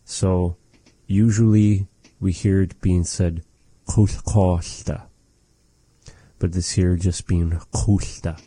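A man with a low, very dark and mellow voice leads a relaxed language lesson. He speaks slowly and patiently, repeating each phrase carefully, with a dry, close sound. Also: dry recording. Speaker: language teacher.

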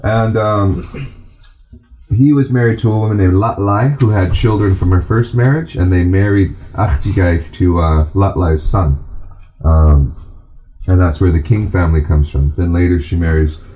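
A man teaching a class, speaking unhurriedly with many fillers and restarts, then reading aloud slowly to the group. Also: low-pitched, mellow, faint music behind, low-quality recording. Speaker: language and culture teacher.

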